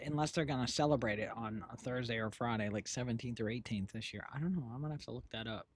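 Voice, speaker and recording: A woman's voice: a bass voice, fairly quick. Chatty, rambling woman streamer. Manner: chatty, rambling, laughs often. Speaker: streamer co-host. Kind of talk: casual stream chat.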